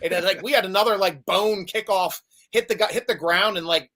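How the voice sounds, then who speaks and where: A man talking football casually as a podcast guest, animated and telling stories, often stammering and repeating words. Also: sits high, brisk. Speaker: podcast guest, Steelers fan. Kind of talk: casual sports chat.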